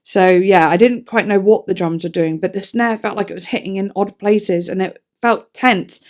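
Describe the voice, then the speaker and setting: A woman's voice: medium pitch, moderate pace. Chatty woman reviewing songs. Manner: chatty, enthusiastic, self-deprecating, trails into soft asides. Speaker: music reviewer. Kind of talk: casual song review vlog.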